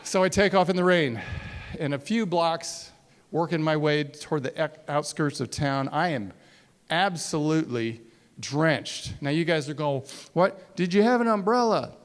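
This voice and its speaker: Animated man telling a stage story. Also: a little high, a little slow. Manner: animated, self-mocking, acts out dialogue. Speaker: speaker. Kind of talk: storytelling talk to a live audience. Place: stage before a college audience.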